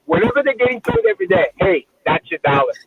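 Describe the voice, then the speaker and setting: A man's voice: very high-pitched, wildly swooping pitch, fast, vocal fry, a loud crowd. A man in casual livestream chat, speaking in an earnest, reflective way. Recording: tinny phone-like call audio.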